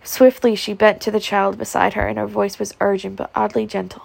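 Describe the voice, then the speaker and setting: Woman, audiobook narration, gravelly voice, dry close recording, small slips. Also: medium pitch, flat delivery, a little fast, no echo. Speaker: audiobook reader. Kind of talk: novel reading.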